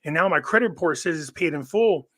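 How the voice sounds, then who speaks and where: Speaking quickly and animatedly, this man has a slightly high, somewhat bright voice. He's a guest on a live online show, chatting casually, spinning long rambling stories and frequently starting sentences over.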